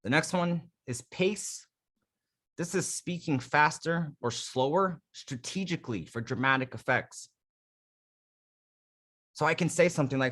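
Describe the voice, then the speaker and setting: A man's voice: a little high, unhurried, long pauses, a bit bright. A man coaching a live class on how to use the voice, talking emphatically and casually and demonstrating each technique. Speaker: dating coach. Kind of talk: live coaching session on vocal delivery.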